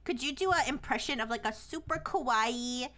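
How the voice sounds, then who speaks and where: A woman's voice: on the high side, expressive, normal speed, sharp tone. A young woman streamer chatting casually, with a lot of "like" fillers. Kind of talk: casual chat.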